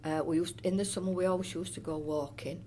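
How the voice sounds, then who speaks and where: Older woman, chatty and lowish. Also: fairly even intonation, fast talker, warm tone, a little hiss or hum. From North East Derbyshire area of England. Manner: chatty and rambling, with frequent restarts and fond asides. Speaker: oral history interviewee. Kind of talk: reminiscing in a recorded interview.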